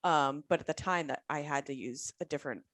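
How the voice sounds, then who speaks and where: A woman's voice: deep voice, a little fast, a bit bright, no room sound. A woman hosting a casual panel discussion, chatty and candid, asking questions and often saying "like". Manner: chatty and candid, leading with questions, heavy "like" use. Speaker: podcast host, attorney.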